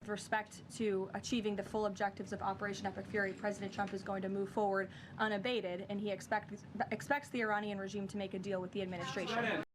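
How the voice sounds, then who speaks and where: A woman press secretary answering reporters' questions at a briefing in measured official statements. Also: medium pitch, level tone, background noise.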